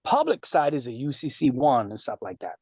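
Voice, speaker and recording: A man speaking on a group call in a boastful, animated way with streetwise slang, lecturing and taking questions. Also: mid-range voice, brisk, slightly rough, dry recording, muffled recording. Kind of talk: casual lecture and Q&A.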